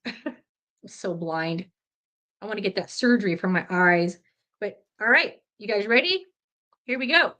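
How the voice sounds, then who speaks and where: A woman in her fifties with a slightly high, pushed, bright voice tells a personal story for a podcast. She rambles casually, using lots of fillers and self-corrections, and laughs easily.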